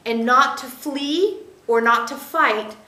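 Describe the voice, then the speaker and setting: A woman with a high, bright-pitched voice gives a channeled spiritual teaching to a small group. She explains step by step in a measured tone, speaking as "we" and pausing to check understanding. The recording has a roomy echo. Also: slight background noise.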